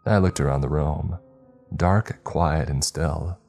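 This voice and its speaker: Very deep-voiced male horror narrator. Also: slow, creaky, warm tone, soft background music.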